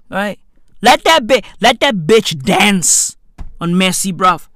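A man in a profane comic rant, incredulous and swearing, jumping to a squeaky high pitch in disbelief. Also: animated, slow, sharp tone, no room sound, clean studio sound. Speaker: comedian.

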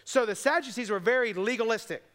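A male pastor with a high-sitting, bright voice preaches a sermon, telling its story with quick asides and voicing the people in it.

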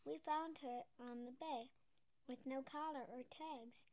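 A woman voicing a friendly male cartoon puppy from a storybook, talking in soft cooing baby talk. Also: sits high, fairly even intonation, slow.

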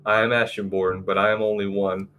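Solemn old male elder mage, storybook, a man reading him, low voice, soft guitar behind. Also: little pitch movement, brisk. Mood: grave.

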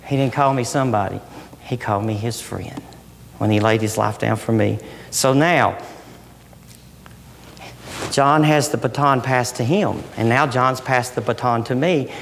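A middle-aged man preaching a sermon with passion, swinging from loud emphatic lines down to soft, hushed ones. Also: mid-range voice, a little slow, creaky, a little hiss or hum. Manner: impassioned, rising and falling between loud emphasis and soft near-whispers. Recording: long hall reverb.

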